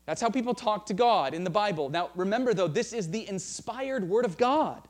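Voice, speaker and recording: A man's voice: high-pitched, expressive, moderate pace. A man preaching a sermon as pastor, earnest, often restarting phrases and reading scripture aloud.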